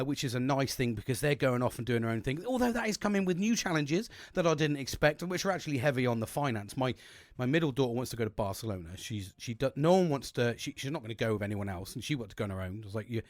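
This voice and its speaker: A man's voice: fairly high pitch, no room sound. Sweary rambling man, dry sound. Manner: rambling, heavy swearing, frank and self-mocking. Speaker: podcast host. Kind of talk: solo podcast monologue.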